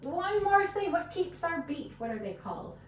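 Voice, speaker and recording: Speaking briskly in an extremely high, very animated voice, a woman teaches fiddle one-on-one, counting beats and offering patient encouragement as the instrument plays behind her. The echoey room, distant mic and a little hiss or hum shape the recording.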